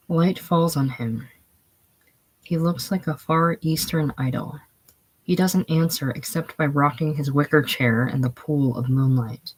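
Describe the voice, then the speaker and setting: Husky reader doing the stage directions, flat and matter of fact. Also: medium pitch, measured pace, rough recording. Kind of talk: reading stage directions aloud.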